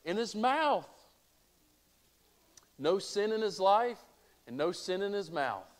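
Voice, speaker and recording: A man's voice: high-pitched, big pitch swings, slow pace. A male pastor preaching a sermon, asking rhetorical questions and reading scripture aloud.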